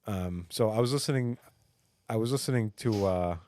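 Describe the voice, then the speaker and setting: A man's voice: fairly low pitch, moderate pace, dark tone, a little hiss or hum. A man co-hosting a casual podcast, a rambling comic storyteller with many fillers and restarts. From United States. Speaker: podcast co-host; stand-up comic. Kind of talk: casual chat.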